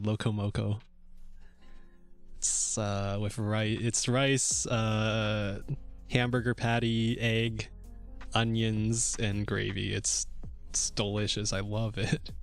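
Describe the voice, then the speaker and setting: A young man streaming while he codes a game, chatting casually and thinking aloud with lots of little laughs and fillers. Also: lowish voice. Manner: rambling and chuckly, many fillers, thinks aloud. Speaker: VTuber streamer coding a game. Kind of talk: casual livestream chat while coding. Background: faint music and keyboard typing.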